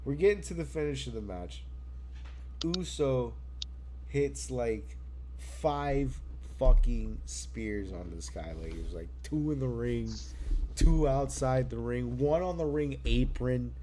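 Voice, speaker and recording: A man on a casual wrestling podcast, excitable and profane, laughing often. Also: mid-range voice, slow, slight background noise. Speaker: podcast co-host.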